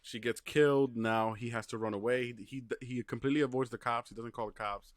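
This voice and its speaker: A man's voice: mid-range voice, fairly even intonation, fairly quick, no echo. A man co-hosting a podcast, chatting casually with hesitant starts. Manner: short agreeing interjections, hesitant starts. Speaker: podcast co-host. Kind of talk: casual review chat.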